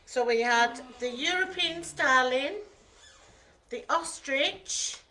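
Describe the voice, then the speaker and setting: A woman's voice: high voice, takes it slowly, bright, forceful tone. A woman calling themed bingo on a live stream, playful and bantering with her group. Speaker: bingo caller. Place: care home activity room.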